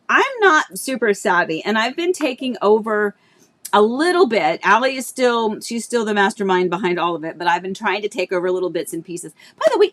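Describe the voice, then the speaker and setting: A woman's voice: mid-range voice, no room sound. A woman real estate agent chatting casually on a live stream, rambling with many restarts. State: tearful at times. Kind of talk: casual livestream chat.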